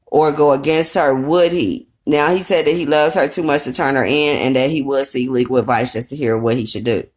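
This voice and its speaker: A woman recapping a reality show in casual, rambling commentary, blunt and profane with a sassy edge. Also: sits low. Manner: rambling with fillers and asides.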